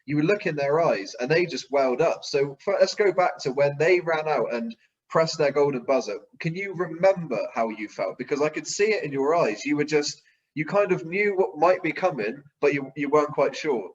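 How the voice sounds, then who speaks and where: Male host, interviewer, earnest questions, higher voice, muffled lo-fi audio. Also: animated, moderate pace. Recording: dull lo-fi sound.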